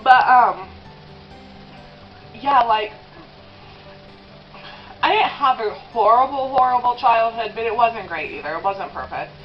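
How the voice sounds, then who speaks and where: A woman's voice: mid-range voice, muffled recording. A woman in her twenties talking in a confessional vlog while eating, rambling with lots of "um" and "like", and tearful at times. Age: 20s. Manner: rambling, with many "um" and "like" fillers. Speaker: vlogger.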